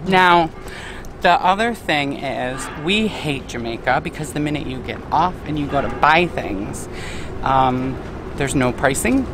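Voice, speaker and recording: A man's voice: mid-range voice, expressive, a little slow, noisy background. A man co-hosting a vlog, talking bluntly and sarcastically into a camera outdoors near a cruise port. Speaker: vlog co-host. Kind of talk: casual video commentary.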